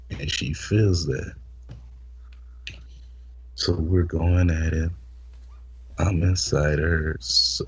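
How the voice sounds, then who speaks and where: Very husky deep-voiced man telling stories. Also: a little mellow, lo-fi sound. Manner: stammering repeats, blunt and explicit. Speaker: podcast host. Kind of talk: casual crude storytelling.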